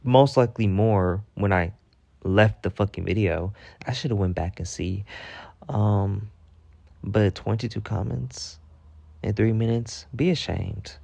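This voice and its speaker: A storytime vlogger with a fairly low voice and noticeable vocal fry talks a little slowly. He vents in an animated, heated rant packed with profanity, recorded without echo.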